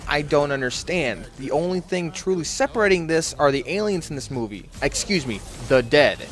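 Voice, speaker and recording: A man's voice: a little high, expressive, normal speed, hardly any pauses. A man narrating a scripted film review in a wry, sarcastic way.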